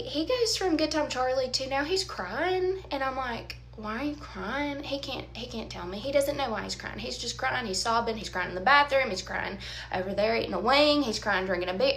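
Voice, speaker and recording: A woman, telling a storytime tale casually, with animated, dramatic emphasis and quoted asides. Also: high-pitched, slight background noise. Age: 30s.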